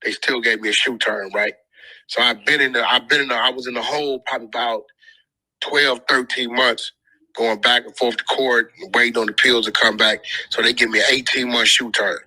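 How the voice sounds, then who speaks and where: A man's voice: mid-range voice, brisk, no room sound, low-quality recording. A man telling a long personal story in casual, profane street slang. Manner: profane, street slang, animated when joking. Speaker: storyteller guest on a group audio chat.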